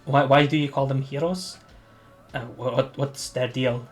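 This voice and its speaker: A man's voice: mid-range voice, steady tone, moderate pace, soft background music, lightly acted. A man voicing a frail goblin holy man. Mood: earnest. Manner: soft, hesitant, apologetic.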